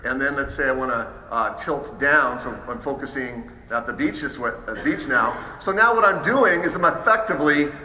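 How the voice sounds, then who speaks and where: Man demoing software in an echoey hall. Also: mid-range voice, moderate pace, hardly any pauses. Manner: casual, upbeat, many fillers and restarts. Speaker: software trainer presenting at a trade show. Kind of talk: live demo talk. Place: large hall. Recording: roomy hall echo, faint ambience.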